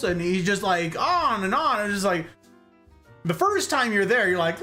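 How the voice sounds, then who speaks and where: A man hosting a casual explanatory chat, jokey and animated, often checking in with "okay?". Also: high-pitched, normal speed, soft background music. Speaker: host.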